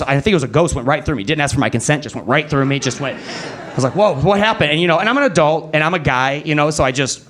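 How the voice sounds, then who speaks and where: A young man performing a stand-up comedy set at a comedy club, telling a story and acting out quoted voices. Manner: animated storytelling, acting out quotes with pitch jumps. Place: comedy club stage before a live audience.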